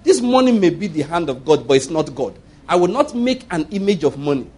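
A Nigerian-accented man preaching with a high, husky voice that swings widely in pitch. He mixes playful storytelling with firm, preacherly declarations. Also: sing-song, fairly quick, a little mellow. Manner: humorous, storytelling, laughs often. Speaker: pastor. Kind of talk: sermon.

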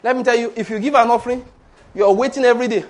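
High-voiced, animated preacher man. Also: very fast. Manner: animated and playful, laughs often, leads the audience in repeated phrases. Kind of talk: sermon.

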